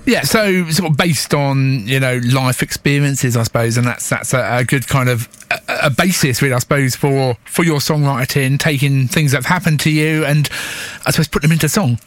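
A man's voice: medium pitch, normal speed, dry recording. Affable male radio host, dry close sound. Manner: affable and agreeing, hedges with "I suppose". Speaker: radio presenter. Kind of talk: casual radio interview.

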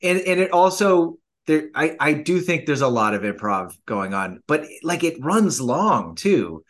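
A man's voice: fairly high pitch, very animated, a little slow, a bit bright. A man talking through his thoughts as a guest in a casual film discussion podcast. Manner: thoughtful, searching for words.

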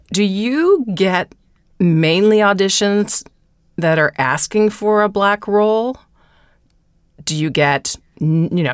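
A woman hosting a podcast, asking interview questions in a measured way, with thinking pauses. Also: sits low, smooth, dry recording, clean studio sound. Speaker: podcast host.

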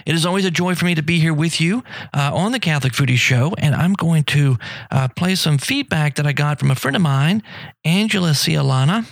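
Middle-aged male radio host, gravelly, dry studio sound, loose rambling chat. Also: on the high side, dry recording. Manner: rambling, friendly, many fillers and restarts. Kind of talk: casual live radio talk.

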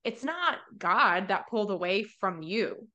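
Woman podcast host; bright, forceful tone, casual and rambling delivery. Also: mid-range voice, lively intonation, a little slow, muffled recording. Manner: chatty, rambling, heavy use of "like". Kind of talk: casual faith podcast chat.

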